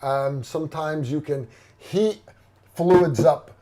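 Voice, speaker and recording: A man's voice: fairly high pitch, slow, warm tone. A middle-aged man hosting a livestream in casual chat, rambling and blunt with lots of fillers and restarts. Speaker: livestream host.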